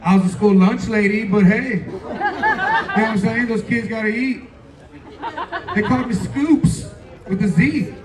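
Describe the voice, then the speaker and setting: A man's voice: sits high, animated, measured pace, long pauses. A young man doing a stand-up set, playful and loose, talking straight to the crowd. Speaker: stand-up comedian. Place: comedy club stage. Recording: roomy club, distant mic, faint crowd.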